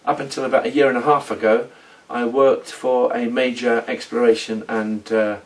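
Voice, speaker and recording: A middle-aged man telling his story in a rambling, halting role-play monologue. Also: medium pitch, flat delivery, far from the mic. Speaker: former oil company manager in a role-play.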